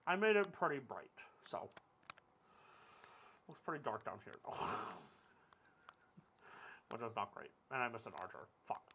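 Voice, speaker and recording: A man's voice: mid-range voice, very animated, measured pace, gravelly, long pauses, fairly bright tone, slight background noise. A young man giving casual commentary over his gameplay, joking, rambling and cursing at the game. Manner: jokey, rambling, swears at the game. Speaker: gaming video creator.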